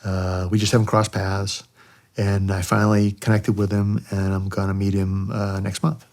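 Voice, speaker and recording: A middle-aged American veteran pilot speaks as a podcast guest, his voice sitting a little low. He tells hard war stories candidly and conversationally, slipping into the voices of the people he quotes. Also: completely flat delivery, moderate pace, darkish tone. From United States. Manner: conversational, acts out quoted voices, frequent "you know". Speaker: guest, retired army helicopter pilot. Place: podcast studio.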